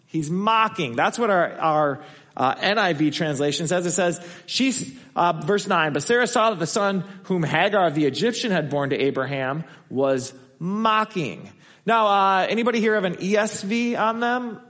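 A man with a slightly high voice preaches to his congregation in a relaxed, conversational way, now and then slipping into the voices of the people he quotes. The sound rings out with a long hall reverb. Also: normal speed. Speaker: pastor. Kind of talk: sermon.

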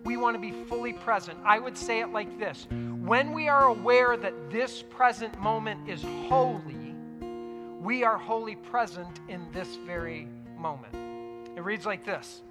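A man preaching a sermon earnestly, repeating key phrases for emphasis and dropping into soft, reflective tones. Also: sits high, expressive, measured pace, long reverb tail. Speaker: pastor. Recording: music playing underneath.

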